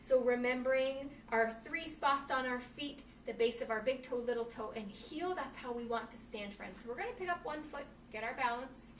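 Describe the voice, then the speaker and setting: A woman's voice: high voice, normal speed, hardly any pauses, slight background noise. A young woman teaching children's yoga and reading a storybook aloud, cheering the children on as friends. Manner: encouraging, addresses kids as friends, acts out the story's shouts. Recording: echoey room from some distance.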